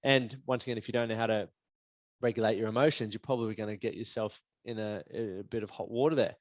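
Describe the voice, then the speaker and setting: A man's voice: fairly low pitch, fairly even intonation, quick pace, no echo, studio quality. A man hosting a casual podcast chat, a coach who talks frankly and swears freely. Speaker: podcast host, men's performance coach.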